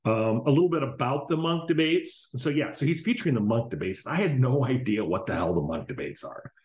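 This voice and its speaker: A man's voice: medium pitch, lively intonation, a little fast, a little mellow. A male podcast host giving solo commentary in a casual, profane, ranting way. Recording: roomy echo.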